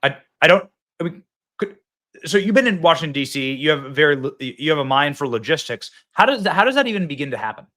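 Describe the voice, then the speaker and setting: A male talk show host asking guests quick questions in a casual political chat, with frequent restarts. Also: a little high, big pitch swings, pushed and bright.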